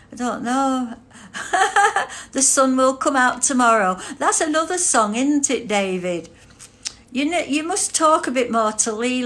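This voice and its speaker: A woman's voice: fairly high pitch, a bit bright. An older woman chatting casually on a livestream, reading out chat comments and laughing constantly. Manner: giggly, breaks into frequent laughter.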